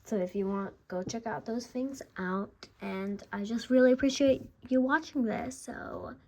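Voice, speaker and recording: A woman hosting her own channel, giving a casual beginner language lesson, chatty, repeating words and pronouncing them slowly and deliberately. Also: a little high, a little mellow, a little hiss or hum. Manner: chatty, repeats and restarts, slow deliberate pronunciation. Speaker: language teacher, channel host.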